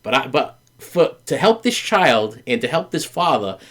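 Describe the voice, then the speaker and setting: A man's voice: medium pitch, sing-song, measured pace. An earnest middle-aged man talks candidly with his wife on a podcast. His storytelling rambles, stumbles over repeated words and leans on fillers. He acts out the people he quotes. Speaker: podcast host.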